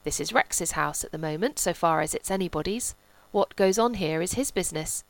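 A woman reading the part of a solemn, placid, pompous gentleman with a grave, measured delivery. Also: on the low side, creaky, dry recording, poor audio.

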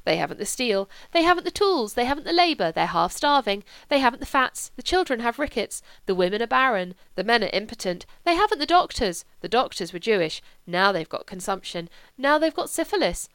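A woman reading an audiobook, voicing a boastful middle-aged male politician who rants in loud, emphatic bursts. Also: a little high, sing-song, clear, resonant tone, no room sound. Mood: blustering. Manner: loud, emphatic, rapid-fire ranting.

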